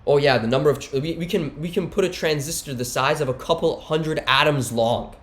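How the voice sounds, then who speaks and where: A man's voice: fairly high pitch, a little fast. A man giving a heated one-take monologue, rambling and slangy with many restarts. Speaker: commentator.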